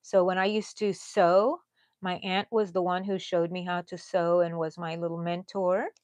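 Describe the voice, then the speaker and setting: A woman of sixty with a Texan accent, hosting a live crochet stream in a casual, chatty way and dropping to low mutters and whispers as she counts stitches. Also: level tone, normal speed, a little mellow, no echo. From Texas. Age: 60s.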